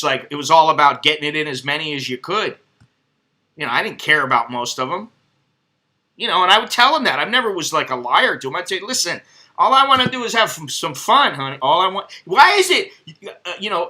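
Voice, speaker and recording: A man's voice: fairly high pitch, sharp tone. A middle-aged man telling crude, rambling stories in a casual vlog monologue, swearing freely. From United States. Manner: crude, profane, rambling anecdotes. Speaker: vlogger.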